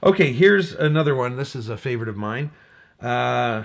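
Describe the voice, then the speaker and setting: A man's voice: medium pitch, normal speed, gravelly. A Canadian man co-hosting a podcast, reading funny text messages aloud in casual chat and chuckling often. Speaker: podcast co-host.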